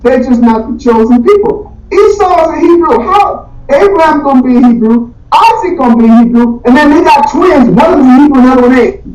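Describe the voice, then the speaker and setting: A man with a very high, bright-ringing voice leads a Bible class, slangy and animated, firing rhetorical questions at the room. He is heard from a distance in an echoey meeting room. The recording sounds dull and muffled. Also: brisk. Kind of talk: casual teaching Q&A.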